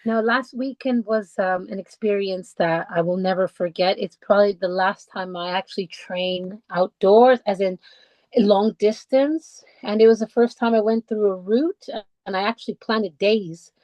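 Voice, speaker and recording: A woman's voice: medium pitch, no room sound, dull audio. Dry-sounding woman telling her story. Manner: halting, many restarts and fillers, heartfelt. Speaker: podcast guest. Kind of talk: personal conversational storytelling. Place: lives in the English countryside.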